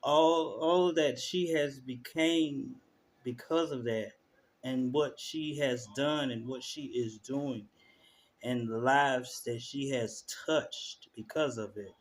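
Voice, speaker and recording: A man streamer giving casual live commentary, telling stories in animated slang. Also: medium pitch, slow pace, a little hiss or hum. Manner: animated storytelling, slangy, laughs through stories. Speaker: streamer reacting to clips.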